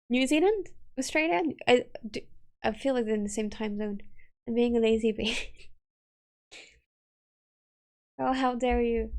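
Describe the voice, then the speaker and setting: Chatting casually on a live stream from a desk mic at home, a woman with a slightly high, gravelly voice giggles often and reads chat aloud in a loose, chatty way.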